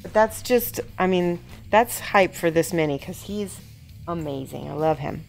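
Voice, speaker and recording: A woman host chatting excitedly on a live stream as she shows off a miniature she is painting. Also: on the low side, unhurried, vocal fry, faint music behind. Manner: chatty and excitable, often laughing. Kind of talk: casual live-stream chat.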